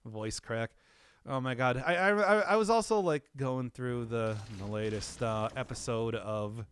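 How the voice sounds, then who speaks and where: A man's voice: medium pitch, slight background noise. A man rambling through casual gameplay commentary, laughing often and mocking himself, his voice groggy from not having talked all day. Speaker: streamer.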